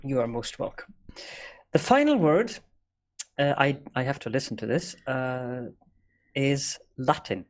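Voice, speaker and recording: A man co-hosting a relaxed podcast, with a mid-pitched voice that moves freely up and down. He speaks in a measured way and carefully explains word origins. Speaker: podcast co-host. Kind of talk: casual podcast chat.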